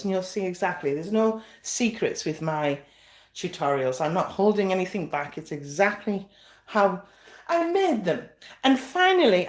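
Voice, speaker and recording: A woman's voice: medium pitch, a little mellow. A woman home baker chatting on a casual live stream, friendly and a little self-deprecating. She wanders off to fetch things and comes back mid-sentence. The room has a noticeable echo. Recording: echoey room.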